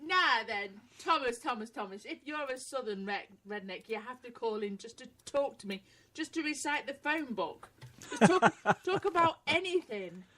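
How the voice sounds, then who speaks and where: A woman's voice: a little high, expressive, moderate pace, a bit bright, rough recording. An English woman co-hosting an internet radio show, casually bantering and teasing with a cheeky laugh. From England. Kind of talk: casual banter reading chat messages.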